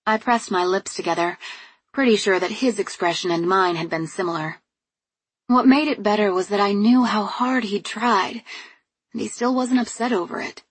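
A woman reading first-person audiobook narration in a calm, measured way. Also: mid-range voice, breathy edge, no room sound.

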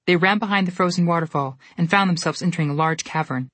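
Woman, storybook narrator, low voice, husky, dry close recording. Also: quick pace, no room sound. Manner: steady, expressive storytelling.

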